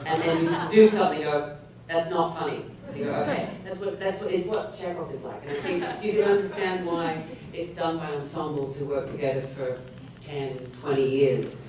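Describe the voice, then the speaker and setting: A woman's voice: deep voice, steady tone, moderate pace, few pauses, crowd noise. A woman answering questions as an actor on a Q&A panel, speaking thoughtfully and searching for her words. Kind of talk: Q&A panel discussion. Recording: echoey hall, distant mic, faint noise.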